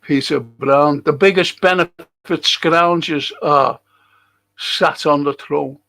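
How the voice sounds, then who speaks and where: A man's voice: a little high, slow, gravelly, a bit bright. An older man with a Liverpool accent, hosting a live podcast stream, reading viewer comments and telling blunt, sweary, rambling stories. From England. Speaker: podcast host.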